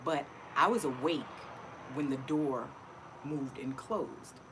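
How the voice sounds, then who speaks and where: Middle-aged female vlogger, low register, chatty and emotional; noisy home recording. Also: slow pace. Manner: chatty, emotional, repeats herself. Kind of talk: casual personal vlog.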